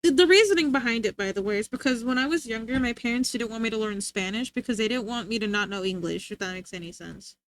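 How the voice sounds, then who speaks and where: A woman's voice: fairly high pitch, fast, hardly any pauses. A young woman livestreamer chatting casually with her viewers, rambling and often giggling.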